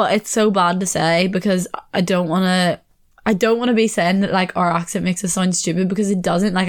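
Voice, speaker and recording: A Northern Irish woman hosting a podcast alone, chatting casually and rambling with lots of "like" fillers. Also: on the low side. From Northern Ireland. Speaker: podcast host. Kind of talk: casual solo podcast chat.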